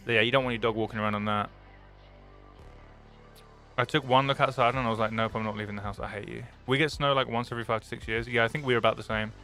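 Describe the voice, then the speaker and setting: A young British man chatting casually on a stream, excitable and swearing freely, swinging between loud enthusiasm and mock gloom. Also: mid-range voice, quick pace, long pauses, soft background music.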